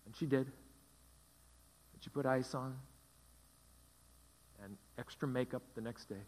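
A male pastor preaches with slow, deliberate emphasis, repeating short phrases and letting them hang. His voice sits in an ordinary male pitch and carries a long reverb from the church sanctuary. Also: a little mellow. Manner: emphatic, repetitive, dramatic pauses. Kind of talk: sermon.

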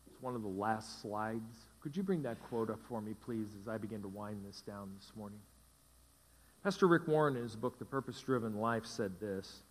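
A male pastor preaching a sermon, repeating key phrases with emphatic, dramatic pauses. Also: lowish voice, big-room sound.

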